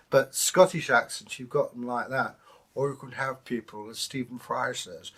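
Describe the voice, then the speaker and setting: An Englishman in middle age chats easily as co-host, his voice sitting at an ordinary middle pitch. He spins anecdotes and drops into brief impressions along the way. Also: steady tone, a bit bright, slightly rough. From England. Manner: anecdotal, slips into quick impressions. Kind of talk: casual chat.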